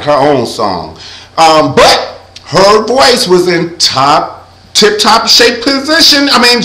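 A man's voice: a little high, bright, forceful tone, reverberant, low-quality recording. A young man giving a sassy, campy recap of an awards show, breaking into sung impressions. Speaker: vlogger reviewing an awards show.

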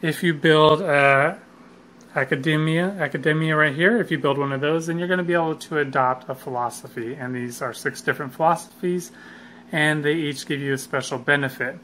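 A man's voice: on the high side, fairly even intonation, a little fast, bright, forceful tone, a little hiss or hum. A man explaining how a board game is played in a casual, unscripted way, with frequent fillers and self-corrections.

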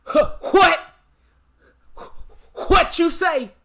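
A man's voice: very high-pitched, drawn-out words, creaky, a bit bright, voice pushed up, exaggerated voice. A man doing a scratchy, baffled TV host impression. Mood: incredulous. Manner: baffled repeated questions. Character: incredulous male TV host impression.

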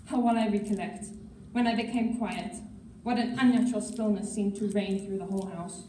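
A woman's voice: medium pitch, brisk, slight background noise. Woman reading a story in an echoey hall. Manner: steady storytelling with occasional slips. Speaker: reader at a school assembly. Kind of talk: reading a novel aloud. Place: school assembly hall. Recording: echoey hall, mic far off.

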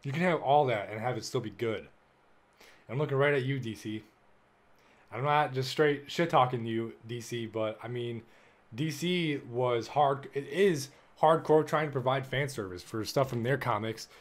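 A young man hosting a casual solo podcast, excitable and full of swearing, jumping between loud bursts and low mumbles. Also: moderate pace. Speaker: podcast host.

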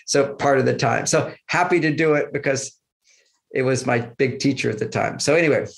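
A man's voice: mid-range voice, normal speed, creaky. A man guest in an interview, telling personal stories about relationships in an easygoing way and acting out bits of dialogue. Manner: anecdotal, acts out quoted dialogue, chuckles often. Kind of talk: conversational storytelling interview.

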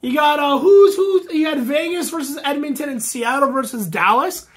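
High-voiced woman ranting about hockey. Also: moderate pace. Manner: excitable, ranting, sarcastic, often shouting. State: losing her voice from screaming. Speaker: hockey podcast host. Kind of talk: fan commentary rant.

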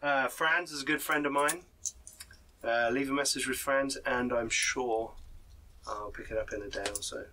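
A man's voice: medium pitch, fairly even intonation, moderate pace, pushed and bright, distant mic, a little hiss or hum, natural voice. A game master voicing a shady male informant in a confiding, hesitant manner. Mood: friendly. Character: shady male street informant, sly and wary. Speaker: non-player character.

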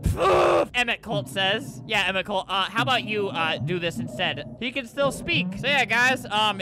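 A young man giving sarcastic gameplay commentary, with deadpan asides that break into panicked yelps. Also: very high-pitched, background noise. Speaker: gaming video host.

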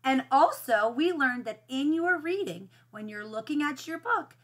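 A woman's voice: high-pitched, expressive, a little slow. A woman first grade teacher reading a picture book aloud to children, patiently explaining how to read it with expression.

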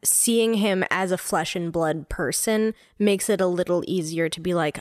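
A young woman co-hosting a podcast, chatting casually with lots of fillers and quick agreement. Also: on the low side, no room sound, clean studio sound. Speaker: podcast co-host. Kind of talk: casual chat.

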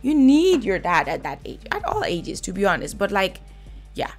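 A woman's voice: mid-range voice, wildly swooping pitch, moderate pace, faint music behind. A woman giving blunt, chatty commentary while reviewing a reality TV episode. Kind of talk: casual reaction commentary.

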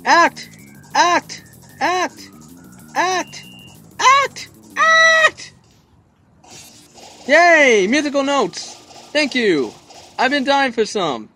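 A man giving let's play commentary with excitable, loud exclamations. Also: very high-pitched, takes it slowly, pauses often, faint music behind. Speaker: gaming video host.

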